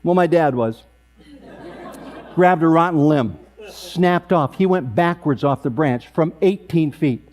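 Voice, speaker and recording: A man in his sixties emcees an awards event, telling a family story with deadpan comic timing. His voice sits a touch high for a man. A faint mains hum runs under it. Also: unhurried.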